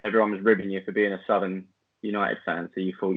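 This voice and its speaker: Husky low-ish guy, podcast guest, laid back, sounds like he's on a phone line. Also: flat delivery, fast, no echo. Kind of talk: casual chat.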